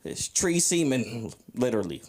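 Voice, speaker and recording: A man's voice: medium pitch, very animated, moderate pace, darkish tone. A drunk man doing a crude, rambling open mic stand-up set on a comedy club stage, roasting the crowd. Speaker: stand-up comic.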